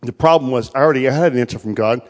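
A man preaching a sermon, telling stories and acting out short exchanges, his delivery swinging from loud, raised lines to hushed asides. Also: mid-range voice, very fast, in a large hall. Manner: storytelling with acted-out voices, swinging between loud and hushed.

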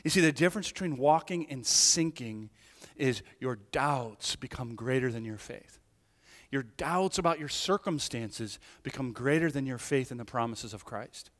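Fervent pastor with a ringing hall echo. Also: male voice, mid-range voice, moderate pace. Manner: animated, swings from hushed to emphatic, frequent restarts and "right?". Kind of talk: sermon. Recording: hall reverb.

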